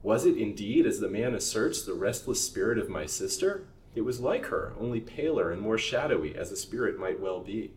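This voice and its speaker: A man's voice: on the low side, sing-song, normal speed, hardly any pauses, slight background noise. A man voicing a frightened young woman, pleading and awestruck in a storybook reading. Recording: roomy recording from a distance.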